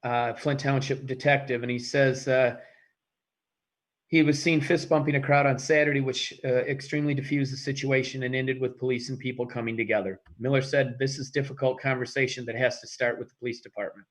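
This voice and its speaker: A man, a school teacher, giving halting, heartfelt remarks at a township meeting, often restarting and searching for words. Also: medium pitch, steady tone. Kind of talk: emotional public remarks at a meeting. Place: meeting room.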